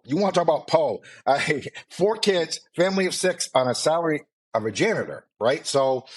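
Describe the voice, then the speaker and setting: A middle-aged man with a mild Maine accent, co-hosting a podcast in a loose, rambling chat full of fillers and asides. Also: medium pitch. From Maine, USA. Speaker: podcast co-host. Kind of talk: casual chat.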